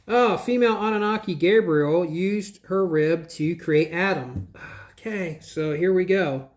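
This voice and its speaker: A man hosting his own channel, reviewing a book in casual, rambling commentary, scoffing at ideas and spelling words out letter by letter. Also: a little high. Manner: digressive, restarts and trails off.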